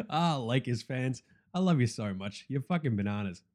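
A young man hosting a casual sports podcast, excitable and profane, joking and swinging between loud outbursts and quieter asides. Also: mid-range voice. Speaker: podcast host.

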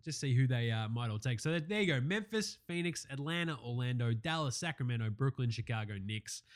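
A man's voice: medium pitch, a little fast. A young Australian man hosting a basketball recap show, chatting casually with lots of swearing and jokes. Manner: profane, joking, excitable banter. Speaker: basketball podcast host.

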